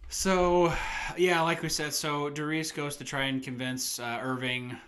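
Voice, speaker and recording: A man's voice: a little high, unhurried, clean tone. A man co-hosting a casual movie podcast, telling stories with lots of laughter and acted-out quotes. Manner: animated storytelling, laughs often, acts out quotes. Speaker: podcast co-host.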